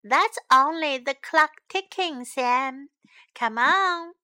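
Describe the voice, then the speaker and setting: A woman's voice: high-pitched, slow, pushed and bright, heavily acted. A woman doing a sleepy patient big sister. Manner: soothing, sighing and yawning. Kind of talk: children's storybook reading.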